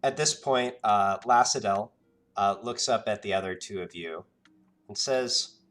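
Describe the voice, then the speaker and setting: A man narrating a tabletop game as game master, halting with many ums and uhs. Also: on the low side, fairly bright tone, a little hiss or hum.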